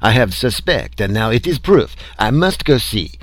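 Man voicing small excitable Frenchman in a read-aloud story, French accent, clipped broken English. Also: mid-range voice, normal speed, no echo. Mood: excited. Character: excitable little French male scientist.

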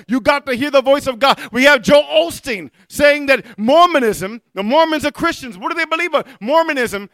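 A male preacher delivers a fiery sermon in a very high, bright and clear voice. He punctuates his points with amen and hallelujah and mimics others mockingly. The sound is dry and close. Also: lively intonation, moderate pace, hardly any pauses, no room sound. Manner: fiery, call-and-response amens, mocking impressions of others.

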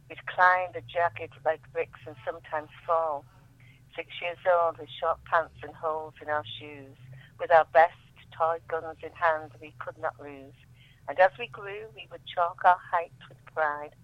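A woman's voice: sits low, no echo. Woman reciting poetry down a phone line. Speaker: poet reading her own work. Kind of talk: poetry reading and radio chat.

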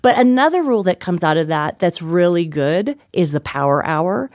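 Lively middle-aged woman telling stories. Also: on the low side, moderate pace, no room sound, studio quality. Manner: animated storyteller, acts out dialogue, laughs often. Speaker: guest author. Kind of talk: interview chat.

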